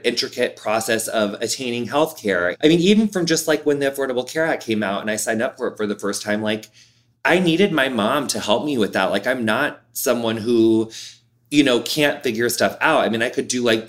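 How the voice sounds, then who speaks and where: Here a male interview guest in his thirties chats frankly and expressively, using "like" again and again. His voice has a medium pitch.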